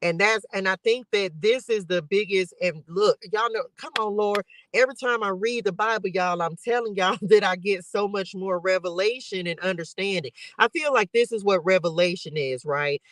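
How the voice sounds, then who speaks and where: A woman's voice: mid-range voice, normal speed, hardly any pauses, no room sound, rough recording. A woman hosting a casual Bible study livestream, talking emotionally and straight to her viewers. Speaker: livestream host.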